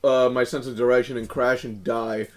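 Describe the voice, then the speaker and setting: A man's voice: mid-range voice, little pitch movement, normal speed, crowd noise. A young man co-hosting a podcast in casual chat, laughing often and swearing freely. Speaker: podcast co-host.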